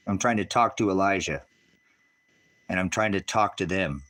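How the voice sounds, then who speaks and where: A man's voice: low-pitched, normal speed, fairly bright tone. A man hosting, commenting on footage for his viewers in an agitated way, swearing often and calling them brothers and sisters.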